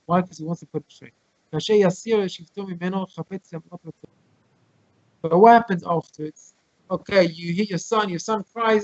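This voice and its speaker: Guy teaching torah class on video call, quick hebrew quotes, dry muffled sound. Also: high-pitched, dry recording. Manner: explains with everyday examples, quotes Hebrew texts quickly.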